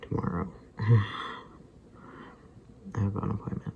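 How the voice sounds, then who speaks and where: A man's voice: lowish voice, steady tone, unhurried, vocal fry, phone-quality sound, noisy background. A tired, sleepy man rambling casually to the camera, sometimes drifting into muttered whispers. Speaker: vlogger.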